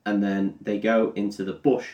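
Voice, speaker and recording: A man's voice: lowish voice, little pitch movement, normal speed, darkish tone, distant mic, dull audio. A tipsy man with a crude, giggly manner, casually retelling a film plot as a podcast co-host. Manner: crude, giggly, swaps into silly character voices. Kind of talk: casual comedic film recap. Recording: echoey room.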